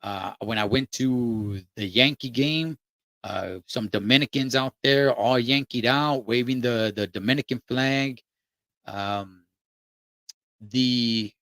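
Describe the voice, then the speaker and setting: A man's voice: mid-range voice, lively intonation, unhurried, fairly bright tone, no room sound. Laid-back trucker man. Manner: laid-back and slangy, with lots of fillers. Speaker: trucker vlogger. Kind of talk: casual monologue.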